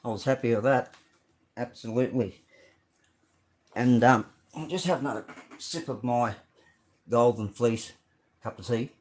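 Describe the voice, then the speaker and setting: A man's voice: mid-range voice, steady tone, unhurried, pauses often, a little mellow. A middle-aged Australian man hosting a casual live stream, rambling through his model car builds with many ums and greeting viewers by name. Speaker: live stream host showing model cars.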